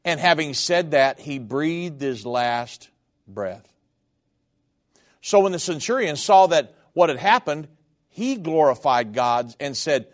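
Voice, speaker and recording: A man's voice: animated, takes it slowly. Earnest man preaching a sermon. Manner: earnest, heartfelt, wide swings in pitch and volume. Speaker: radio preacher.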